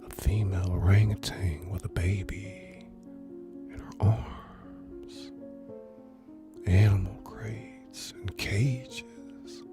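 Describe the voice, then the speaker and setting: A man reading a story aloud in a soft, unvoiced whisper, as whispered role-play. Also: low-pitched, steady tone, drawn-out words, pauses often, over music. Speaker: narrator, reader.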